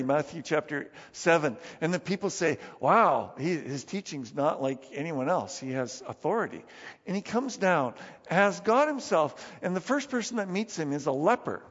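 Guy preaching in a church, high voice, lots of hall echo, kinda muffled, animated storytelling. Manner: animated, acts out Bible scenes. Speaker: pastor. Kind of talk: sermon. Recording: dull sound with long hall reverb.

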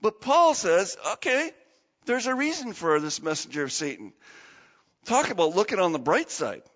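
A male pastor giving an animated, dramatic sermon in a church and asking the congregation questions. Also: high-pitched, moderate pace, long reverb tail, muffled recording.

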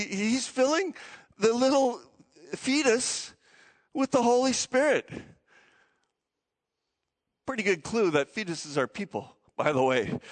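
A man preaching a sermon, telling the story with animated, excitable energy and frequent restarts. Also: very high voice, poor audio. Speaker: pastor.

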